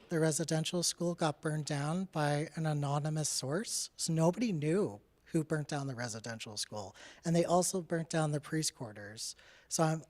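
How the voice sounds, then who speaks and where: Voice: medium pitch, a little mellow. A young adult artist from Canada giving a casual presentation about their own work, talking candidly with many "like" and "uh" fillers and laughing now and then. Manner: candid and chatty, with frequent "like" and "uh" fillers.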